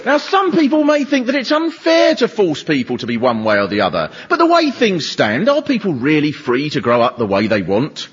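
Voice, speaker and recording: A man's voice: fairly high pitch, wildly swooping pitch, normal speed, hardly any pauses, over a noisy crowd, very noisy. A British man doing a stand-up comedy monologue in a mocking tone, often slipping into silly voices. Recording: lo-fi TV recording, audience laughing.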